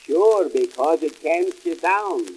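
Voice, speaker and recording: A man playing Cohen, a wisecracking immigrant comic businessman, in 1920s vaudeville comedy record style with deadpan punchline patter. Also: on the high side, takes it slowly, slight background noise, rough recording. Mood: wry.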